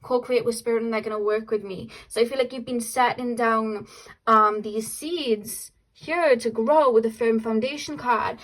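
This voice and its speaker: A woman's voice: a little high, poor audio. Chatty upbeat woman reading tarot. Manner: chatty, upbeat, trails off and restarts, quotes the viewer's inner voice. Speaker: tarot reader.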